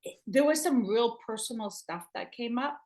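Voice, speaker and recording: A middle-aged woman medium telling stories in a casual, animated way, acting out what people said. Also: a little high, moderate pace. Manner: animated, acts out dialogue in quotes. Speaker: spiritual medium. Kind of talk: conversational storytelling.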